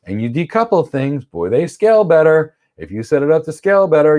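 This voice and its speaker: A man runs a livestream lesson, answering viewer questions about cloud architecture in a blunt, opinionated way. His voice sits at a typical middle pitch for a man. He sometimes acts out quick examples in playful voices. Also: narrow, tinny audio. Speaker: cloud certification instructor. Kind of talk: livestream Q&A teaching.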